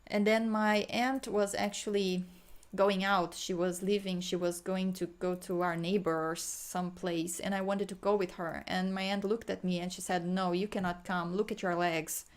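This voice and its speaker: A woman guiding a healing meditation, talking slowly and softly with sighs, sometimes chanting in an invented language. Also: medium pitch, flat delivery. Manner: slow, soft, sighing, breaks into chanted light language. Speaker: spiritual healer.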